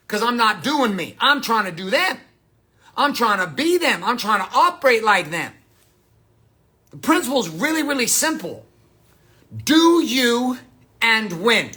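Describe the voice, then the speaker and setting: Blunt, bright-voiced male motivational speaker. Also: high-pitched, husky. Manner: blunt, profane, emphatic. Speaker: motivational coach. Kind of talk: motivational monologue.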